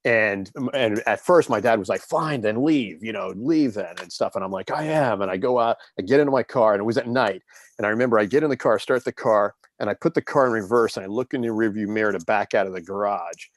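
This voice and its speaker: Speaking quickly, this man in his fifties shares stories as an interview guest, his lowish voice earnest and reflective. His delivery is loose and casual, like conversational storytelling. The audio is close and dry, without any echo or surrounding room.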